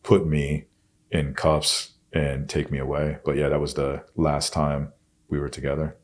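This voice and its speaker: A man's voice: extremely low pitch, little pitch movement, a little slow, a little hiss or hum. A man telling his own story as a podcast guest, bluntly and with constant swearing. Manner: blunt, heavy swearing, intense retelling. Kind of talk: candid storytelling.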